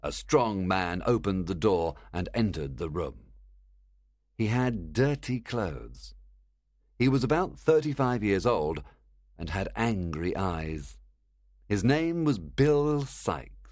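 A man reads a storybook aloud in a deep voice, clear and measured. He lets his pitch rise and fall a lot as he goes, and the sound is dry and close. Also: big pitch swings, darkish tone, no room sound. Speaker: narrator.

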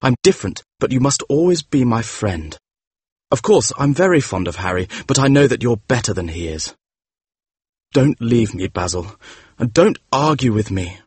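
A man's voice: medium pitch, sing-song, moderate pace, husky, no room sound. Man acting secretive vain young man, cold and defensive, dry close recording, audiobook drama. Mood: defiant. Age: young adult. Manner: defiant and emotional.

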